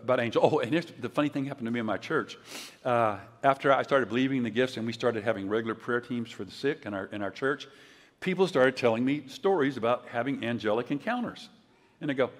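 A man's voice: mid-range voice, a little fast. Older man preaching in a reverberant hall. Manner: conversational storytelling, loud acted quotes. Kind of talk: conference sermon.

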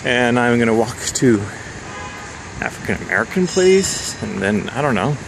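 Chatty man with a gravelly voice. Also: medium pitch, big pitch swings, normal speed. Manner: chatty, laughs often, thinks aloud while walking and driving. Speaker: photographer vlogger. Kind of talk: casual handheld travel vlog. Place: outdoors and in a car around a city. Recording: noisy outdoor street recording.

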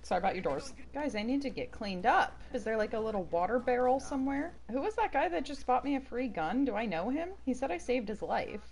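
A woman's voice: a little high, animated, fairly quick, few pauses, a little mellow. A young woman streaming a game, chatting casually and laughing often with her viewers. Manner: chatty, laughs often, jokey asides to chat. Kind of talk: casual gameplay commentary.

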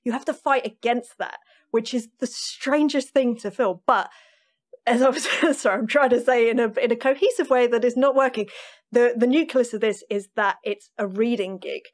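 Woman, podcast guest, animated storyteller, laughs often, slightly high voice. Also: moderate pace. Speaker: drummer guest. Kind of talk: casual interview chat.

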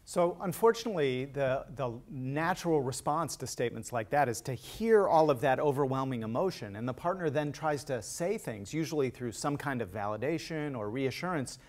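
A man professor presenting a talk on relationship research in a clear, explanatory manner. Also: medium pitch, animated, moderate pace, hardly any pauses, darkish tone. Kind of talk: scripted talk on couples' health.

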